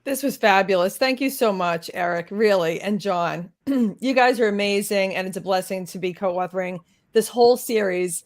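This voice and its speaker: A woman's voice: medium pitch, moderate pace. A woman co-author on a video call, bubbly and grateful. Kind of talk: casual livestream chat.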